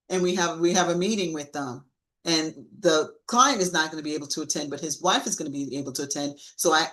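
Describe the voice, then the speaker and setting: A woman giving a live-streamed sales training talk, coaching with lively emphasis and acting out sample lines to clients. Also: fairly low pitch, rough recording.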